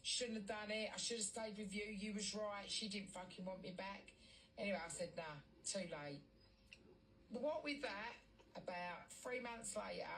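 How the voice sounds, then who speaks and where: A woman's voice: lowish voice, fairly bright tone. A woman telling a story in casual chat. She is blunt, swears heavily and acts out the dialogue. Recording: distant mic, faint background noise.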